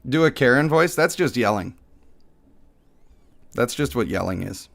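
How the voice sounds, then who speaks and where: A young man streaming a mobile game, chatting casually with viewers and joking at his own expense. He talks slowly, and his voice is a little worn and cuts out now and then. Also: mid-range voice, expressive, creaky. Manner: joking, laughs at himself. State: voice a bit worn, cutting out. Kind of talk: casual live-stream chat.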